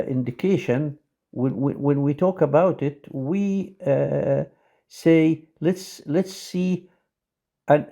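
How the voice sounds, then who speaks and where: Halting male lecturer with many fillers. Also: on the high side, mellow. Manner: says example sentences quickly. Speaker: teacher.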